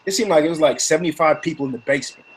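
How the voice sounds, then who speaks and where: A man telling a rowdy story in casual chat, animated and profane, acting out what others said. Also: a little high, racing.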